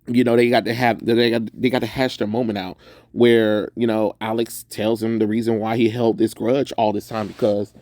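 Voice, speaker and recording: Speaking at normal speed in a flat, fairly low, slightly mellow voice, a young man from the suburban American South wanders through a casual movie review. He fills it with "um"s and laughs a lot. There's no room sound, just clean studio audio.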